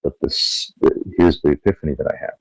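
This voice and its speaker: A man's voice: extremely low pitch, fairly quick, no echo, poor audio. A middle-aged man talking bluntly and profanely as a podcast guest, acting out quotes in his stories. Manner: blunt, profane, animated storytelling with acted-out quotes. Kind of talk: candid interview talk.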